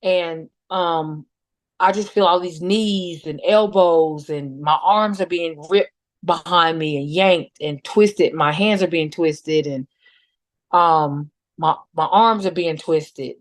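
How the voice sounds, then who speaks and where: A middle-aged woman slowly recounting a painful personal experience, halting and restarting often. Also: lowish voice, dry recording. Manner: slow, halting retelling with many restarts and fillers. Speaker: mother telling her story as a guest. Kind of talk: emotional personal account.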